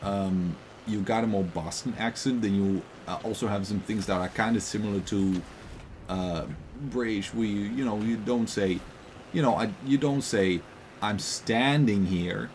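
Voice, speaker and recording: A man rambles through a relaxed gameplay chat, joking and circling back with lots of ums. His voice sits somewhat low, with a light hiss behind it. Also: moderate pace. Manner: rambling, joking, full of fillers. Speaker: co-host gaming commentator.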